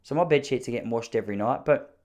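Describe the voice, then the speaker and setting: A man's voice: mid-range voice, fast talker, a little mellow. A young Australian man hosting a solo podcast from a spare room at home, telling rambling, self-mocking stories. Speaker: podcast host. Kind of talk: casual solo podcast monologue.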